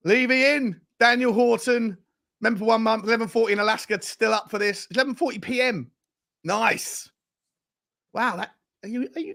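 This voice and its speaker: A man hosting a fan show livestream, reading out viewer super chats with excitable, slangy banter. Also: high-pitched, vocal fry.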